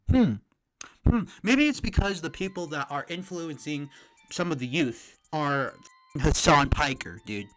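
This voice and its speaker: A man's voice: fairly high pitch, animated, moderate pace, a bit bright, low-quality recording. A man streaming a reaction, ranting with heavy profanity and mocking the people he criticizes.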